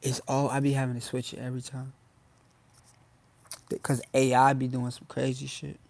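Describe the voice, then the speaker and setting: A man's voice: mid-range voice, completely flat delivery, normal speed, creaky, darkish tone, no room sound. A young man hosting a casual phone livestream, talking loosely in slang and addressing his viewers again and again. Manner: loose slangy talk, addresses chat often. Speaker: livestream host.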